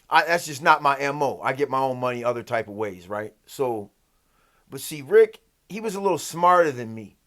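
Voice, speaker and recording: A man's voice: a little high, fairly bright tone. A man telling a personal story in a casual, profane, rambling way, often asking "right?". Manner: rambling, loose, peppered with "like" and "right?". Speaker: storyteller vlogger.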